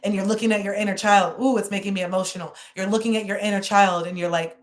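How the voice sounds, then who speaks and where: A woman's voice: medium pitch, fairly even intonation, fast talker, hardly any pauses. A woman hosting a live-stream tarot reading, emotional and effusive, repeating her phrases as she talks to viewers. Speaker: tarot reader and host.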